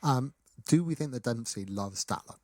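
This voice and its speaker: A woman's voice: rumbling low, lively intonation, normal speed, mellow, no echo. A woman co-hosting a podcast in casual talk, wry and chatty, often interjecting. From Britain. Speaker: podcast co-host.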